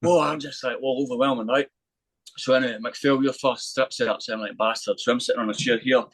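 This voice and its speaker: A man, a podcast guest telling a lively anecdote in casual chat, swearing freely and acting out the voices of the people in his story. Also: mid-range voice, fairly quick, husky, no room sound, rough recording.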